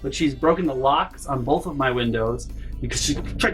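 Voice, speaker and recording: A young man telling a rambling, profane storytime rant, exasperated and jumping off topic, often breaking into loud shouts. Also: mid-range voice, moderate pace, faint music behind. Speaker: vlogger.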